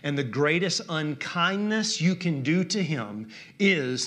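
Southern male preacher, high tenor, impassioned, dips to a hush then builds up. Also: animated. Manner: impassioned, swings from hushed to loud, drawn-out emphasis. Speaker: pastor. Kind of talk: sermon.

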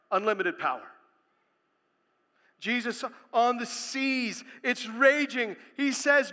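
Man, pastor, sermon, high voice, slow deliberate delivery, emphatic, long hall reverb. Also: animated. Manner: emphatic preaching, builds to loud proclamations.

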